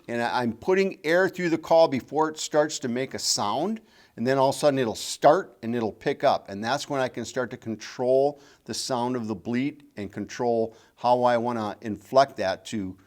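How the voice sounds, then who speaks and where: In this instructional demonstration, a middle-aged man teaches calling technique as a game call instructor, patiently repeating what matters most. His mid-range voice is a little mellow and keeps a normal speed.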